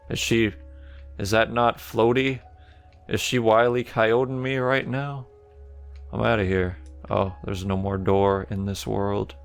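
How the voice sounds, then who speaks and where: A man's voice: on the low side, creaky. A man hosting a let's play, reacting to a game with wry, joking commentary. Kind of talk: casual gameplay commentary.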